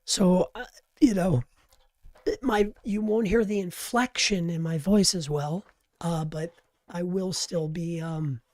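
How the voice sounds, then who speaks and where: A hoarse man with a worn-out voice hosting a casual live stream, talking close to the mic in an animated, chatty way. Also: high-pitched, takes it slowly, no room sound. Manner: animated, chatty, laughs easily. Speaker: host of a live coaching stream. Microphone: close-up microphone.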